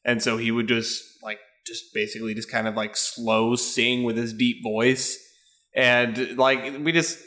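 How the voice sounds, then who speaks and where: A man's voice: mid-range voice, steady tone, unhurried, pushed and bright. A man hosts a casual podcast in a mid-range voice. He stops and starts with ums. Laughter keeps slipping into his talk. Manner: laughs often, hesitant with ums. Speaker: podcast host. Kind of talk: casual chat.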